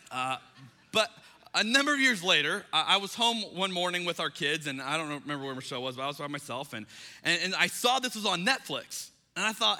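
A man in his thirties, a pastor, preaching a sermon and telling a story with animated, acted-out dialogue. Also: high voice, fast talker. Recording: long hall reverb.

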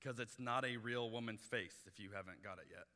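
A man preaching a sermon as pastor, in a conversational, animated way, acting out quotes from people he talks about. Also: lowish voice, brisk. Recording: reverberant church hall.

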